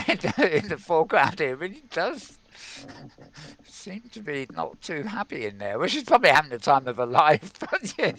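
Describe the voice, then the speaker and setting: A man's voice: mid-range voice, fairly bright tone. A man hosting a casual tech news show, rambling and chuckling as he goes. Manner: rambling, chuckling, self-mocking.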